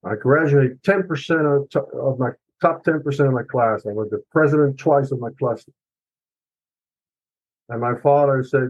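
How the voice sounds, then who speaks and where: A man's voice: mid-range voice, normal speed, dull audio. A middle-aged man, an author and podcast guest, telling his personal story in an emotional, earnest and confessional way, with some swearing.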